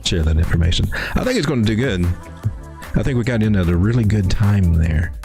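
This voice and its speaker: A man with a deep, low voice hosts a casual live crypto stream, thinking aloud over the charts. His delivery is folksy and rambling, full of restarts. His pitch swings widely, and faint music plays underneath. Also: animated, fairly quick, vocal fry, warm tone. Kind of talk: casual live market commentary.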